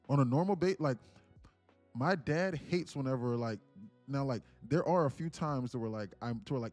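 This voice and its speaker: A man running a day-trading livestream talks in casual street slang, his animated voice swinging high and low. He preaches to his audience and keeps lobbing rhetorical questions at them, with faint music underneath.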